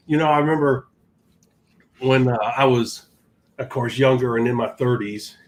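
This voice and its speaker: A man's voice: medium pitch, fairly even intonation, slow. Chatty middle-aged man hosting a podcast. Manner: chatty, folksy, laughs easily. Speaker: podcast host. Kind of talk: casual chat.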